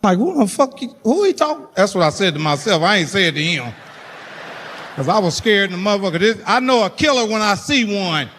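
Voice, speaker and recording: Man, stand-up comedian, high voice, profane storytelling, live hall reverb. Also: a little fast, pushed and bright, slight background noise. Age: middle-aged. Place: comedy stage before a laughing audience.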